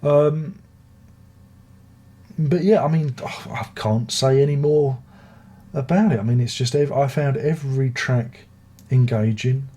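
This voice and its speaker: In an unhurried, husky mid-range voice with a dark tone, an older man from Britain reviews an album. He rambles casually, frequently starting sentences over and wandering into chatty side remarks.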